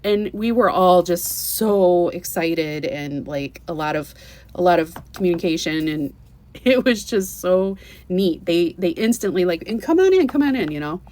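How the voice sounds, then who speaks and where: Low-voiced woman telling a story. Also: a little slow. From United States. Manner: earnest and animated, with many restarts and "you know"s. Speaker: vlogger telling a travel story. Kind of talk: casual personal storytelling.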